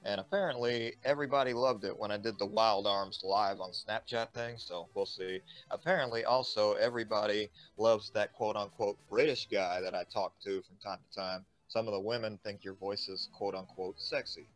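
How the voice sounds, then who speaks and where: A man talking in slangy, animated chat with a fellow streamer about games and friends. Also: on the low side, moderate pace, few pauses, soft background music. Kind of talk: casual gaming stream chat.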